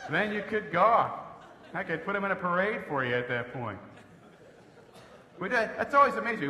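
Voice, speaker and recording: A man's voice: a little high, bright, forceful tone. A man doing a sarcastic, exasperated stand-up comedy routine on stage. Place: live comedy stage in an echoey hall. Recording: echoey hall with background noise.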